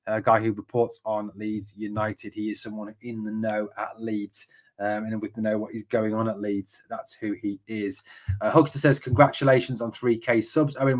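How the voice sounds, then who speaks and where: An English man hosting a live football podcast, reading out viewer comments and answering them in a chatty way with many ums. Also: medium pitch. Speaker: podcast host.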